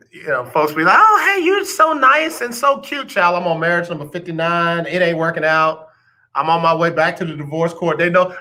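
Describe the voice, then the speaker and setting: A male radio host chats with his listeners in a teasing, joking way. His voice sits a little high and rings bright and forceful. He talks straight to the audience like old friends. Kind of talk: casual joking radio chat.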